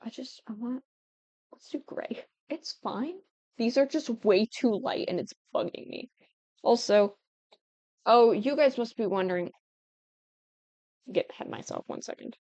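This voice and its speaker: A woman's voice: fairly high pitch, unhurried, pauses often, darkish tone, dry recording, muffled recording. A young woman giving casual, chatty gameplay commentary while she builds, often breaking off mid-thought and giggling. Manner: chatty and self-interrupting, with giggles. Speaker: Sims building tutorial creator.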